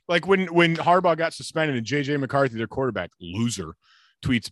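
A man's voice: mid-range voice, expressive, moderate pace, a bit bright, no room sound, clean studio sound. Man on a heated, profane podcast rant. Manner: heated, profane ranting with mocking quotes. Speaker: podcast co-host. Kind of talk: ranting casual chat.

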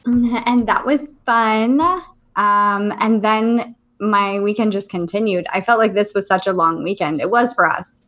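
A woman in her thirties co-hosting a podcast, chatting casually and telling stories with lively acted-out quotes. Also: unhurried. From Virginia, US. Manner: animated storyteller who acts out quotes in high voices. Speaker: podcast co-host. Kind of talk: casual chat.

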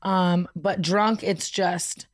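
A young woman co-hosting a podcast, telling a story in a casual, animated way with playful imitations. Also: extremely slow. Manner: animated storytelling, mimics a whiny high voice. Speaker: podcast co-host. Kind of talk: casual chat.

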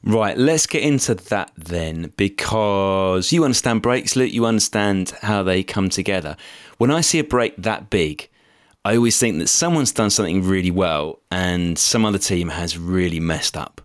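A man hosting a podcast, brisk and conversational as he steers the discussion with questions. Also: low voice, no echo, clean studio sound. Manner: brisk, leading the conversation with prompts. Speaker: podcast host. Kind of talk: casual podcast chat.

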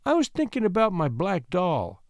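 Guy putting on a timid little girl, soft and high, kinda shy. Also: wildly swooping pitch, moderate pace, dry recording, studio quality.

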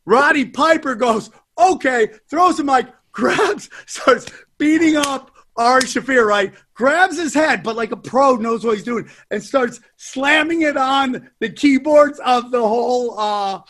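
A man with a high, bright voice hosts a podcast in loose, profane chat. He tells stories loudly and with a lot of animation. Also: unhurried, a little hiss or hum. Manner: loud, profane, animated storytelling. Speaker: podcast host. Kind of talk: casual podcast chat and host-read ad.

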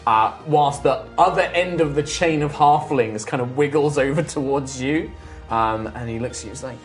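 A woman narrating as game master, relaxed and full of fillers. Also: a bass voice, normal speed, faint music behind.

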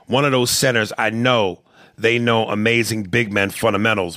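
A man hosting a casual podcast, blunt and profane as he reads listener mail and argues sports. His voice sits at an ordinary pitch for a man and is recorded close and dry, with no room sound. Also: sharp tone, dry recording. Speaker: podcast host.

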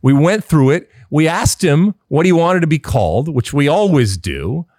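A middle-aged man hosts a sports podcast in a casual, opinionated way, pushing his points with emphasis. His pitch swings widely as he argues, and the sound is dry and close. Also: animated, moderate pace, a little mellow, no room sound. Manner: emphatic, opinionated, with many fillers. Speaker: podcast host.

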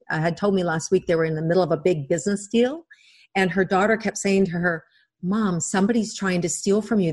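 Gentle coaching woman psychic guest. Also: mid-range voice, slightly rough. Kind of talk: podcast interview.

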